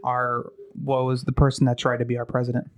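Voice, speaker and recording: A man's voice: medium pitch, monotone, brisk. A man co-hosting a podcast, telling rambling stories about his mail route and chuckling between remarks. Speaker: podcast co-host and mail carrier. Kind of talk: casual chat.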